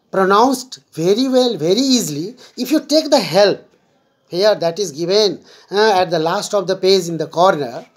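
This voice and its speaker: A woman's voice: medium pitch, husky. A woman English teacher giving a classroom vocabulary lesson, patiently explaining words step by step and repeating them.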